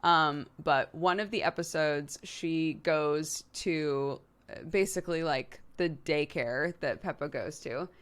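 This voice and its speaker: A woman's voice: low-pitched, slow, fairly bright tone, smooth. A woman streamer in casual livestream chat, rambling playfully and laughing often.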